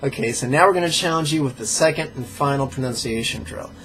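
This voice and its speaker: A man leading a pronunciation drill as a meditation teacher, playful and joking, sounding out syllables slowly and carefully. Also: mid-range voice, a bit bright. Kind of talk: pronunciation drill in a live lesson.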